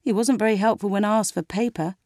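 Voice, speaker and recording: A woman's voice: mid-range voice, quick pace, a little mellow, dry recording, studio quality, lightly acted. A woman reading a storybook aloud and voicing a blunt, plain-spoken young man.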